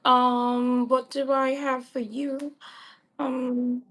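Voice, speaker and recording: Woman, gentle and affectionate, slow unhurried talk, highish voice. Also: flat delivery. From Lagos, Nigeria. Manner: gentle, affectionate, laughs often. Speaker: guest, host's best friend. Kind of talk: casual chat with a friend.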